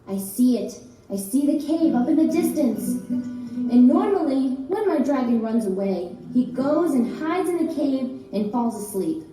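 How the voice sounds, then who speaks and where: A woman's voice: high voice, very animated, a little slow, warm tone. A woman, a children's librarian, leading a playful, half-sung action chant for children. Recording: echoey room from far off, guitar music.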